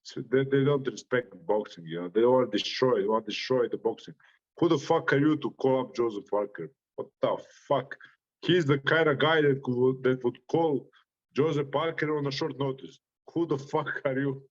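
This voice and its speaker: A man's voice: medium pitch, moderate pace, muffled recording. A man with a Croatian accent, a boxer giving an interview full of brash, profane trash talk and frequent laughs. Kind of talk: interview reaction.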